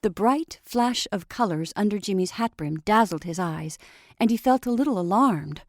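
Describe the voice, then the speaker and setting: A woman's voice: medium pitch, expressive, normal speed, dry recording, studio quality. Woman reading a storybook aloud. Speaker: storyteller podcast host.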